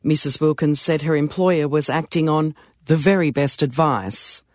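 A man narrating a story in a calm, measured way. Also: fairly high pitch, dry recording, clean studio sound.

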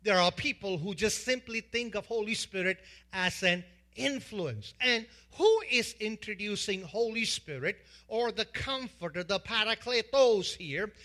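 A man's voice: high voice, animated, measured pace, sharp tone. A man preaching a sermon as pastor, emphatic, repeating lists of words and asking the congregation questions.

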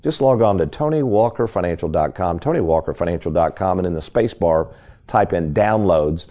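A low, dark male voice carries this talk radio segment. He speaks with emphatic, folksy energy, turning often to the listeners at home. His tone stays mellow even when he presses a point. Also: brisk. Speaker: financial radio show host.

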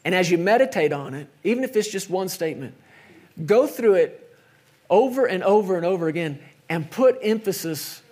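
A middle-aged man preaching a sermon in a conversational way, sometimes dropping to soft, emphatic tones. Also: high voice, lively intonation, moderate pace. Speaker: pastor.

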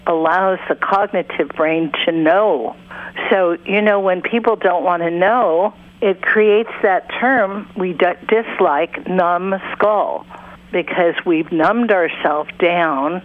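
Counselor on a tinny phone line. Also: mid-range voice. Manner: unhurried, earnest, acts out quotes in other voices. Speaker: counselor and author, interview guest. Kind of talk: interview over the phone.

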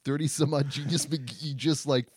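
A man's voice: a little high, fairly even intonation, moderate pace, husky, dry recording, studio quality. A man co-hosting a casual chat, prodding his friend with wry, teasing questions.

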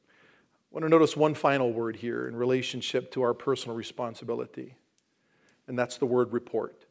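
A male pastor delivering a sermon, swinging from loud emphatic declarations to quiet asides and questioning the congregation. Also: medium pitch, fairly even intonation, normal speed, creaky.

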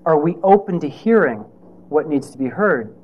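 A man's voice: fairly high pitch, animated, normal speed, a little mellow, lo-fi sound. A man preaching a sermon in a conversational way, with rhetorical questions and playful asides.

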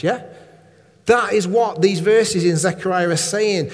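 Male preacher, fairly high voice, chatty sermon delivery with quick asides, long echo of a church hall. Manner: conversational, rhetorical check-ins and humorous asides.

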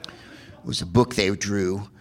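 A man's voice: lowish voice, steady tone, slow pace. A man telling rambling, sardonic comic travel stories, with plenty of swearing and filler words. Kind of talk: comedic travel storytelling.

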